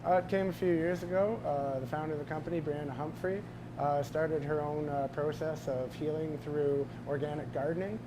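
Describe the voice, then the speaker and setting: A man's voice: on the high side, fairly even intonation, moderate pace. A man working as lead farmhand at a farm-to-table restaurant, explaining things in a hesitant way with many fillers. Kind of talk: casual interview answers. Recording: noisy room with air conditioning hum.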